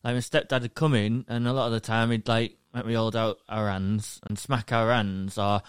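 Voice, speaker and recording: A man's voice: lowish voice, level tone, moderate pace, clean tone, no echo, clean studio sound. A young man, chatting casually on a podcast and rambling with lots of fillers. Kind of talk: casual chat.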